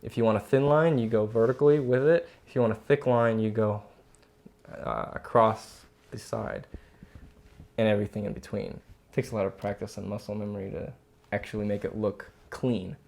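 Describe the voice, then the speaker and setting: A man's voice: on the low side, steady tone, moderate pace, gravelly, a little mellow. A man co-hosting a casual drawing lesson, explaining step by step while he demonstrates. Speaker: drawing instructor co-host. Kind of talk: casual teaching chat.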